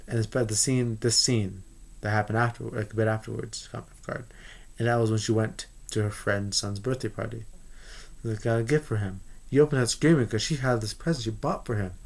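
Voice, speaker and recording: A man giving a casual spoiler review of a movie, rambling and excitable with many restarts. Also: on the low side, normal speed, gravelly, long pauses.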